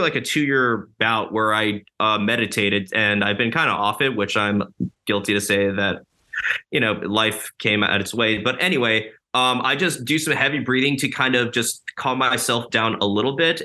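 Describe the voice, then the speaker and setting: A man's voice: mid-range voice, normal speed, pushed and bright. A man in his twenties chatting casually, rambling with lots of fillers. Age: 20s. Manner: rambling, many likes and ums. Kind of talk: casual conversation.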